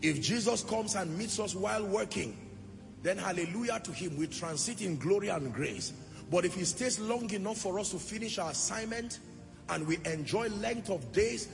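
In a church hall with long reverb, a man preaches an impassioned sermon, often swelling into sung, chanting phrases. His voice is high and animated with vocal fry, at a normal pace, and music plays in the background.

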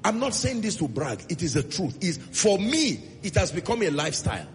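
A man's voice: high voice, very animated, brisk, long reverb tail, soft background music. A Nigerian man preaching a sermon as pastor, emphatic and hammering repeated refrains.

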